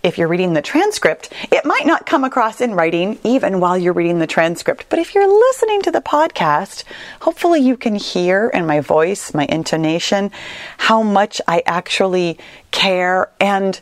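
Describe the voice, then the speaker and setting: A woman's voice: medium pitch, sing-song, a little fast, no echo. A woman coaching listeners on a solo podcast, talking in an earnest, reassuring and conversational way. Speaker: weight-loss coach, podcast host.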